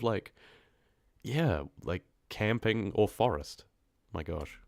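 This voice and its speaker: Deep-voiced New man chatting. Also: slow pace, no echo, clean studio sound. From New Zealand. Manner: relaxed, rambling, laughs easily. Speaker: horror story narrator and streamer. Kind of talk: casual live-stream chat with viewers.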